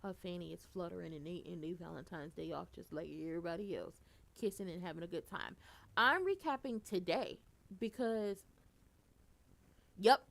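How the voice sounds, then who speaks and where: A woman giving a casual, animated recap, blunt and profane, and she gets loud for emphasis. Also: fairly low pitch, moderate pace, vocal fry. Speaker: soap opera recapper.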